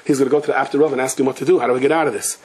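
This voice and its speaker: A rabbi telling a story in a Torah class in a lively way, who often laughs and breaks into excited character voices. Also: male voice, mid-range voice, racing, husky. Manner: laughs often and restarts sentences.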